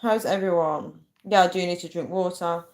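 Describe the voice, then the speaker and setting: A woman's voice: on the low side, fairly even intonation, normal speed, a little mellow. A young woman chatting casually on a livestream, reading out viewer comments and laughing often. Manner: laughs a lot, chatty, reads viewer names aloud. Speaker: livestream host.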